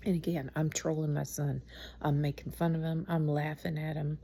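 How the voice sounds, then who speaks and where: A middle-aged woman, worn out at bedtime, rambles through a strange story in a chatty way and laughs at herself as she goes. Her voice sits low and gravelly, with a dark, husky tone. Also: level tone, normal speed. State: tired, speaking softly at night. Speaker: mother telling a story. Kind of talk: casual storytelling vlog.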